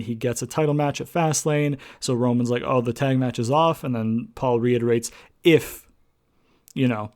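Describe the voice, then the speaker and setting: A man's voice: mid-range voice, mellow. A young man giving a casual spoken recap of a wrestling show, rambling with many fillers and restarts and swearing freely.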